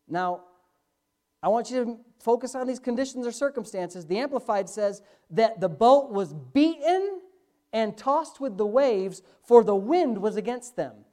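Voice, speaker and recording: Man, pastor, sermon, animated pitch, emphatic, quick asides, loud drawn-out stresses.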